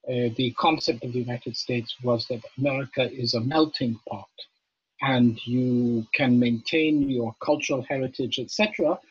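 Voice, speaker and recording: An older man who grew up in Jamaica, a guest on a video-call interview, explaining things in a measured way with many fillers. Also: mid-range voice, slightly rough, no echo. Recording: muffled video call audio, dry.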